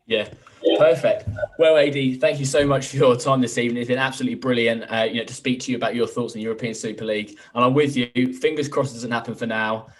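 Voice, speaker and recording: A young man from England presents a talk show and interviews guests in an upbeat, chatty way. He speaks rapidly. His voice sits at a middling pitch. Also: fairly even intonation. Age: young adult. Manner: quick, upbeat, chatty with fillers. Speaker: host.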